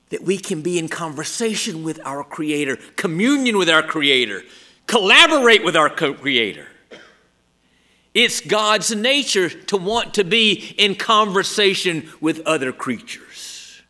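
Emphatic preacher man, bright-voiced. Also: fairly high pitch, sing-song, takes it slowly. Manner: emphatic, swings from loud exclamations to hushed whispers. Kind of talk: sermon.

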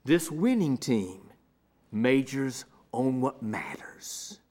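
A man preaching a sermon as pastor, swinging from ringing declarations to hushed near-whispers with a repetitive, measured cadence. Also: medium pitch, big pitch swings.

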